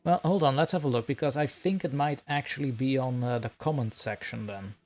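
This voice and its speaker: Male streamer, casual and giggly, middle pitch, faint music behind. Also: fairly quick, darkish tone. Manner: scattered, self-mocking, giggly, chatty. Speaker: streamer, horror story narrator. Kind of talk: casual live-stream chat.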